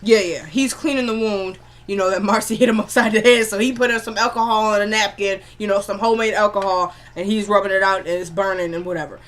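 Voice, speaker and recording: A woman casually recapping a TV episode in an animated, chatty way, spelling out her swear words. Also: medium pitch, quick pace, few pauses. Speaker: TV episode reviewer.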